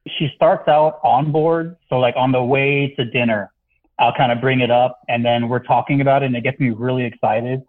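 Male caller on a phone line, earnest, halting, self-deprecating. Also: mid-range voice, fairly even intonation. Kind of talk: phone-in advice question.

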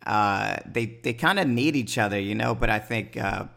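A man's voice: lowish voice, expressive, normal speed, creaky, fairly bright tone. A man co-hosting a casual TV recap chat, laid-back and laughing often as he reacts. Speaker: podcast co-host.

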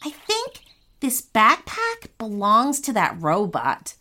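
A woman's voice: on the high side, wildly swooping pitch, slow pace, sharp tone, heavily acted. A woman doing a brave young boy. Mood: explaining. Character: young boy Keon, brave and quick-thinking.

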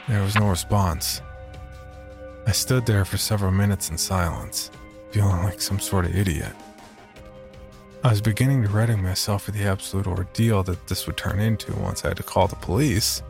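A man with a gravelly, fairly low voice narrates a horror story in a measured, low-key way. Faint music plays softly behind him. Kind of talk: scripted first-person horror narration.

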